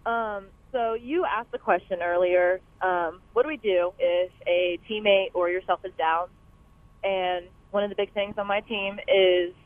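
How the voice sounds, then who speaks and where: A woman's voice: medium pitch, no room sound. A young woman calling in to a radio show, speaking casually with many "like"s and "um"s. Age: young adult. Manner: peppers her talk with "like" and "um". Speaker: caller, college rower. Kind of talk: phone-in chat. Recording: tinny phone line.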